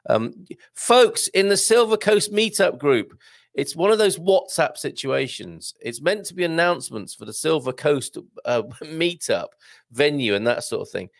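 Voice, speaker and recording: A man's voice: mid-range voice, creaky, no room sound, studio quality. A man hosting a live online show, chatting casually, reading out comments and tagging on questions. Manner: chatty, jokey, with tag questions.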